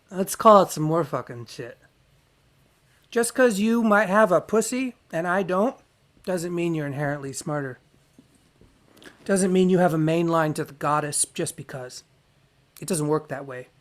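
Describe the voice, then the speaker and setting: A man's voice: high-pitched, a bit bright. A man hosting his own show, delivering a frank, profane, wandering spoken monologue that circles back and corrects itself as he goes. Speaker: podcast host.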